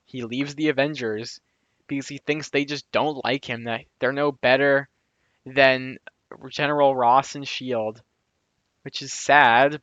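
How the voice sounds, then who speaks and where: A man of middling pitch talks through a show review in a loose, opinionated way, dropping asides and fixing his own words as he goes. The recording is muffled and lo-fi, with a dry sound and no room around it. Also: pushed and bright, no echo. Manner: chatty and opinionated, with asides and self-corrections. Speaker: video reviewer. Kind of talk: casual commentary monologue.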